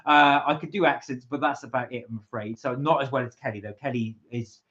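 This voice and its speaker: A man's voice: mid-range voice, fairly even intonation, brisk, a bit bright, muffled recording. A man co-hosting a casual live-stream chat in an easygoing, self-deprecating way. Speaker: channel co-host. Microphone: home live-stream microphone.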